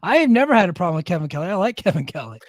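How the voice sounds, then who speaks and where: Blunt, higher-voiced male podcast co-host. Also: very animated, very fast, no room sound, studio quality. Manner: blunt, opinionated, swears freely. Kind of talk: casual chat.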